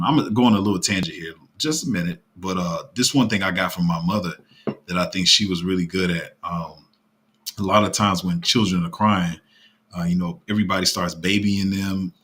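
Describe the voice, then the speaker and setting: Low voice guy rambling on a live stream, flat even tone, lots of ums and restarts. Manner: talks in a fairly flat, even tone; rambling, with many fillers and restarts. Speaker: crypto streamer running a paid group. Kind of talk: casual live-stream talk.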